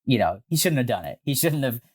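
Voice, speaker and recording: A man co-hosting a podcast, telling a story in a casual, animated way with frequent swearing and filler words. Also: mid-range voice, fast, breathy edge. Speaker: podcast co-host.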